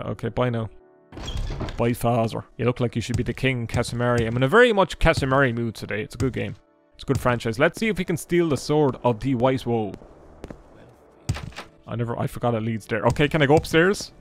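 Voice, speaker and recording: A man's voice: medium pitch, creaky. A joking, chatty man playing a game. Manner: joking, chatty, swears freely, talks to game characters. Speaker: gaming YouTuber. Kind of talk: casual Let's Play commentary.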